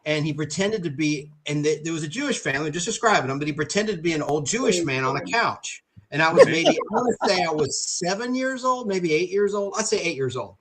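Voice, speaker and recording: A man with a fairly high, very bright and forceful voice chats on a video call. He tells rambling, frank stories, backing up and restarting as he goes. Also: expressive, fairly quick, few pauses. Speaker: panel guest. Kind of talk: casual chat.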